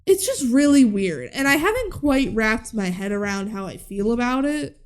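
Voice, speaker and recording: A fairly high-voiced woman talks through a film recap with her co-host in an easy, chatty way. She often slips into quick voices for the characters and laughs a lot along the way. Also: clean tone. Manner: animated, acts out characters' lines, laughs often. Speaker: podcast co-host. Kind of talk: casual chat recapping a movie.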